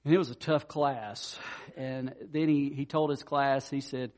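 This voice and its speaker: A man's voice: medium pitch, steady tone, unhurried, a little mellow. A man preaching a sermon, conversational and direct, telling stories to make his point and speaking straight to the congregation. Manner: conversational storytelling preacher, addresses listeners directly. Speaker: pastor.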